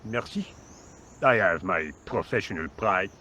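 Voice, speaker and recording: A snooty French painter. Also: male voice, deep voice, expressive, measured pace, bright, forceful tone, exaggerated voice. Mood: haughty. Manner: huffy, snooty, indifferent. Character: haughty French street painter, indifferent.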